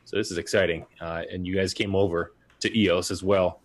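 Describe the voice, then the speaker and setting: A man co-hosts a casual podcast and talks in a low voice. He rambles on in a relaxed, chatty way and drifts from one aside to the next. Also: a little fast. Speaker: podcast co-host.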